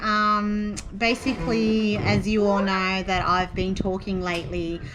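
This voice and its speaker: A woman's voice: medium pitch, level tone, measured pace, background noise. A woman talking casually to her vlog viewers, chatty and full of fillers. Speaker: vlogger.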